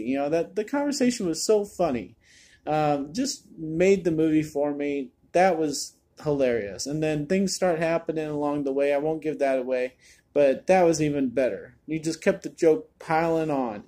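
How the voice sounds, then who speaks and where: A man's voice: a little high, expressive, moderate pace, dark tone. A man giving a casual spoken movie review, chatty and exasperated, often repeating words as he restarts a thought.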